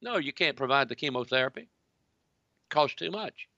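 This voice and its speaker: A man preaching in an emphatic way, reading out articles and talking straight to his listeners as "ladies and gentlemen". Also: medium pitch, expressive, moderate pace, gravelly, dry recording, dull audio. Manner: emphatic, repeats phrases, addresses the audience directly. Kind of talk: sermon-style commentary reading articles.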